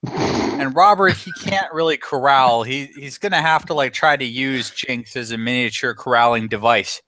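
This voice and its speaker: A man playing a tabletop role-play game, narrating his character in an animated, joking way. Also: medium pitch, normal speed, no room sound. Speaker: player.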